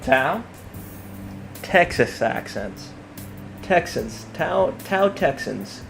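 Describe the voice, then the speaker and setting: A man's voice: a little high, sing-song, drawn-out words, gravelly, faint music behind. A man casually chatting on a live stream as he paints miniatures, joking and rambling as he thinks aloud.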